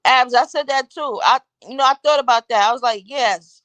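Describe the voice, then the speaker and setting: A woman's voice: high voice, normal speed, fairly bright tone, dry recording. A woman hosting a live talk show, rambling through her opinions and asking the audience one rhetorical question after another. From Caribbean. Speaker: host.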